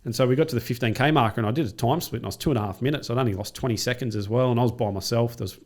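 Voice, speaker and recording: A man, a triathlete and coach, telling a race story in casual chat with lots of swearing and acted-out quotes. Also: mid-range voice. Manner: rapid, profane, animated retelling with acted-out quotes. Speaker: podcast guest, triathlete and coach.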